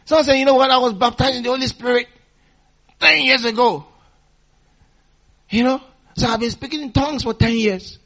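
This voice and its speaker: A man preaching a sermon in a call-and-response manner, repeating phrases for emphasis and swinging between loud exhortation and quiet teaching. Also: very high voice, moderate pace, long pauses, muffled recording.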